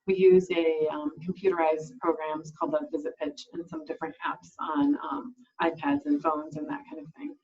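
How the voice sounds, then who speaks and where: A woman speech therapist talks through the steps of voice therapy in a lowish, husky voice. She explains plainly and often restarts with an "um". The recording sounds dull and lo-fi. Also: normal speed, hardly any pauses, darkish tone. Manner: explanatory, with frequent "um" fillers and restarts. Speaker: speech language pathologist. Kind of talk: informational talk to camera.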